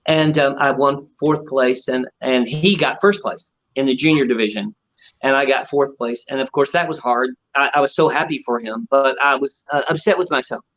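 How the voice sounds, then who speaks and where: A man's voice: medium pitch, moderate pace, slight background noise. A middle-aged man, a ventriloquist, telling stories in an interview and acting out the voices of the people in them. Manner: animated storyteller acting out quotes. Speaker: ventriloquist guest. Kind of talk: storytelling interview. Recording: muffled lo-fi audio.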